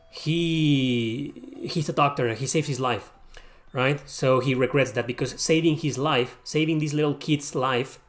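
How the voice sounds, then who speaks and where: A man hosting his own channel, ranting heatedly and profanely to camera, often repeating himself. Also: a little high. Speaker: YouTube host.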